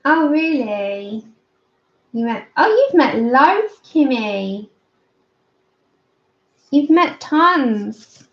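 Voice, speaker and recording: A woman chats at an easy, slow pace as she colors on a livestream, her fairly high voice catching into gravelly fry. She talks straight to her viewers and answers their chat messages. The sound is a little dull and lo-fi. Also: sing-song. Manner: chatty, reads out and answers live chat. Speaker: livestream host. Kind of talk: casual chat while coloring.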